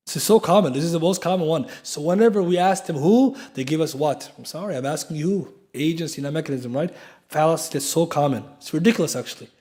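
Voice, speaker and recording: A man teaches a class in a mosque, talking quickly in a slightly high voice. He is emphatic, often asks his listeners rhetorical questions, and spells out key terms letter by letter. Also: dark tone. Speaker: Islamic lecturer. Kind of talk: classroom lecture. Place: mosque lecture room.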